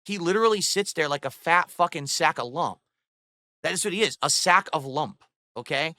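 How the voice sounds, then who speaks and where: He speaks a little fast, his voice on the high side with a sharp tone and lively intonation, captured dry. It's a livestream rant from his home studio: he heaps profane, scornful mockery on a rival and talks to viewers and chat through a boom-mounted studio microphone.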